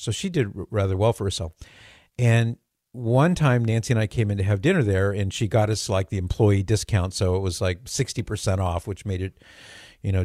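Low-voiced middle-aged male radio host. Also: darkish tone, no room sound, studio quality. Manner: chatty storyteller with hesitant restarts and chuckles. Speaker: radio talk show host. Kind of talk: casual talk radio chat.

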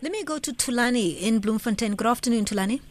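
Measured woman radio host, dry mic. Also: on the high side, lively intonation, no room sound. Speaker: radio talk show host. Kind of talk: radio phone-in hosting.

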